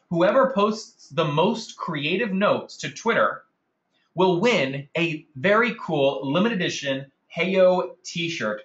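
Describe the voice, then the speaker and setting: Bright, upbeat man hosting a webinar. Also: on the high side, dull audio. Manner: enthusiastic, addresses attendees by name. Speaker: webinar host. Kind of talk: upbeat marketing webinar presentation.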